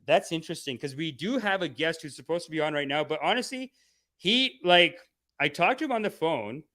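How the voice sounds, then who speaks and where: A man's voice: a little high, lively intonation, a little fast, pushed and bright. A young man hosting a satirical spiritual-guru livestream, mock-preachy and playful, reading chat comments and mimicking people. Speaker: comedy guru host.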